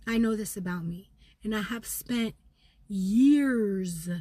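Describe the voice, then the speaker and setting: A middle-aged vlogger pours out fast, intense anger in a raw spiritual video, cursing and occasionally falling to a whisper. Her medium-pitched voice has a warm tone, and there's no echo.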